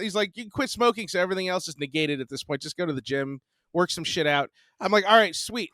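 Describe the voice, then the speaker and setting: Man, early forties, slightly high voice, profane, laughing, casual podcast storytelling. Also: brisk, no room sound. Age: 40s. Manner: profane, animated, laughs often. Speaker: podcast co-host.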